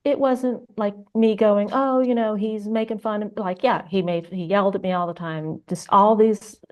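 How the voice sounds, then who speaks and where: A woman's voice: mid-range voice, fairly even intonation, normal speed. A middle-aged woman, a forensic artist, speaking earnestly in a casual interview, often restarting her sentences.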